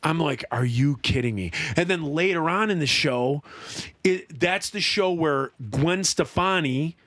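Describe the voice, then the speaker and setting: This podcast co-host, who is also in a band, has a fairly high pitch and speaks a little slowly, recorded with no room sound. He's an animated storyteller, voicing the people in his tale during a relaxed chat.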